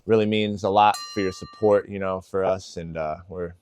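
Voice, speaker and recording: Low-voiced man giving casual dog-training tips. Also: steady tone, normal speed, darkish tone, slight background noise. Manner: casual, filler-heavy, with lots of "like" and "you know". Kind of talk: casual instructional talk.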